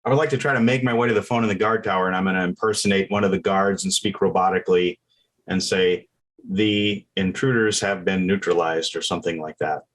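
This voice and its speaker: A man's voice: deep voice, fast. A man playing a tabletop game, speaking hesitantly and thinking aloud about his moves. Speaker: player. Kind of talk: actual-play tabletop game.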